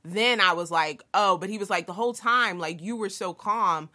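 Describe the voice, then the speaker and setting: A young woman telling a story in casual chat, animated and swearing freely as she acts out what people said. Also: medium pitch, moderate pace.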